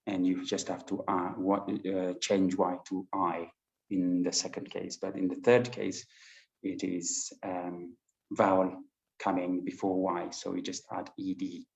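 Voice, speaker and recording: A patient male English teacher with a lowish voice, going through grammar at a very slow pace. He stops often with fillers and restarts as he explains. The sound is dull and lo-fi, in a roomy space with a clear echo. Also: darkish tone. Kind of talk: online class lesson. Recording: dull lo-fi sound in an echoey room.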